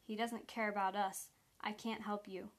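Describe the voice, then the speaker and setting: A woman reading the lines of a frightened teenage boy in a quiet, subdued way. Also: mid-range voice, flat delivery, moderate pace, close to an everyday voice.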